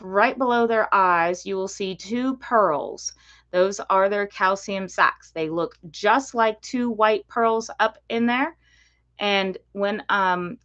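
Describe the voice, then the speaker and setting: A woman breeder hosting a casual live stream, gently explaining and demonstrating with many ums. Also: mid-range voice, dull audio. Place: indoor reptile room with enclosures.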